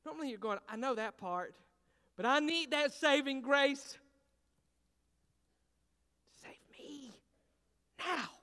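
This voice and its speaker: A man preaching a sermon as pastor. He swings between hushed, intimate talk and loud, fervent preaching, and calls out questions to the congregation. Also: very high voice, animated, moderate pace. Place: church sanctuary. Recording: long reverb of a large hall.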